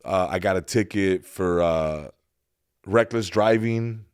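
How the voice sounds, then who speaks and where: A man's voice: low-pitched, slow, clean tone. A man hosting a podcast, telling loose, slangy stories and switching between English and Spanish. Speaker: podcast host. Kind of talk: casual podcast chat and read sponsor ad.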